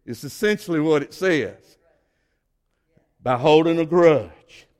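An older man from Georgia with a Southern accent, preaching a sermon and swinging between quiet asides and loud exhortation. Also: fairly high pitch, lively intonation, slow pace. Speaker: pastor.

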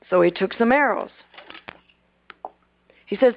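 A woman delivers a sermon, acting out the figures in the story as she goes. Her fairly high voice drops to hushed asides and then climbs to loud bursts. The recording sounds dull and lo-fi. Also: normal speed, pauses often. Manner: retells Bible scenes, acting out the lines. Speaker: preacher.

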